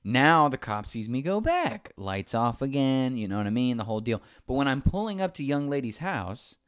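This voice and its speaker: A man's voice: mid-range voice, moderate pace, clear, resonant tone, no room sound, clean studio sound. A man casually telling a long anecdote, acting out the other people's lines as he goes. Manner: animated, acts out quoted dialogue.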